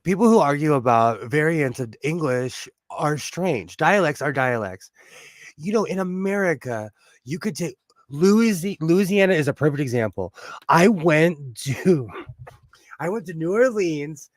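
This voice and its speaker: Laughing, joking man with a higher voice. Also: lively intonation, measured pace, dry recording. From Southern California. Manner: jokey, laughs often, trails off and restarts. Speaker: livestream co-host. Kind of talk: casual chat.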